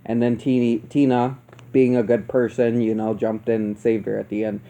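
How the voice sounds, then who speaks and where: A man's voice: mid-range voice, little pitch movement, moderate pace, gravelly, warm tone. Profane rambling man reviewing a horror film. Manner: profane, rambling, laughs often. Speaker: movie reviewer. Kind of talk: casual film review rant.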